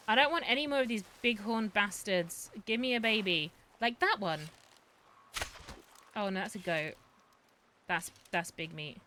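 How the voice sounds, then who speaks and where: Woman streamer, young, bright voice, swears a lot, jumpy gameplay commentary. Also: lowish voice, slight background noise. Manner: profane, excitable, talks to herself and chat.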